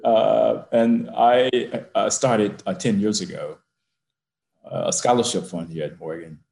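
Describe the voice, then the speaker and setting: A man's voice: lowish voice, steady tone, measured pace, gravelly, a little mellow, roomy sound. A university president, a man, telling a personal story in an interview from his office, building to emphatic peaks.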